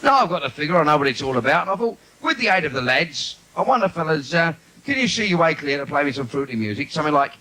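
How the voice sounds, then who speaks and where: Brash comic working a live cabaret crowd, higher-pitched and very lively delivery, bawdy and cheeky, on a noisy 1980s theatre recording. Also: male voice, quick pace, hardly any pauses. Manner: brash, cheeky, breaks into shouted asides. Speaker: stand-up comedian. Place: live theatre stage with audience.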